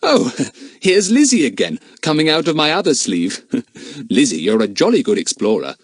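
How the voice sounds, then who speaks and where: A man voicing a cheerful, animal-loving young boy who talks in a brisk, chummy way. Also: on the high side, big pitch swings, no echo, studio quality, voice pushed up. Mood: amused.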